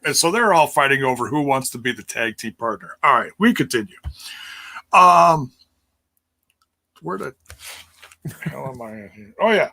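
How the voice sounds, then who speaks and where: A man's voice: fairly high pitch, animated, normal speed, long pauses, pushed and bright. A man hosting a podcast, rambling loosely through a casual recap and joking as he goes. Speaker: podcast host. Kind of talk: casual show recap chat.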